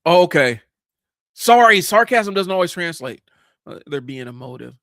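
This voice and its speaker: Man in his forties, slightly high voice, rambling, blunt, casual, dry close sound. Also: sing-song, moderate pace, a bit bright, dry recording. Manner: rambling, lots of fillers and restarts; blunt, casual, swears at times. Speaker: livestream host. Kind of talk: casual comic book commentary.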